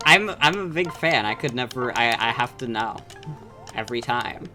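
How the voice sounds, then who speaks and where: A streamer playing the game and chatting over a voice call, animated and teasing. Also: medium pitch, moderate pace, over music. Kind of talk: casual group chat over a voice call.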